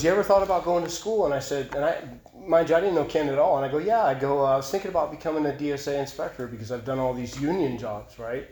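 A man's voice: mid-range voice, darkish tone, slight background noise. A man giving an earnest, confessional personal testimony at a recovery meeting, often repeating and restarting his phrases. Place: meeting room. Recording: echoey meeting room.

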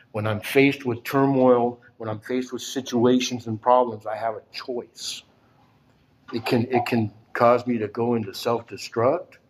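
Halting, heartfelt older man. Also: on the low side, a little hiss or hum. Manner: halting, plainspoken, emotional. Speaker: recovery meeting speaker. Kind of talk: personal testimony at a support meeting.

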